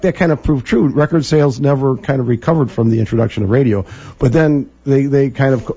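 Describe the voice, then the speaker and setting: A man co-hosting a casual radio talk show, halting and full of fillers and stammered restarts. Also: medium pitch, warm tone, breathy edge, highs cut off. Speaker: co-host.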